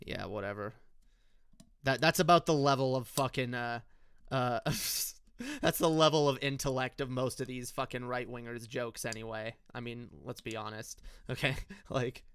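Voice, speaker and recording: A man's voice: mid-range voice, measured pace, a bit bright, smooth, dry recording, studio quality. A young man giving an unscripted, rambling commentary rant, heated and profane, addressing his viewers directly. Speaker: political commentator.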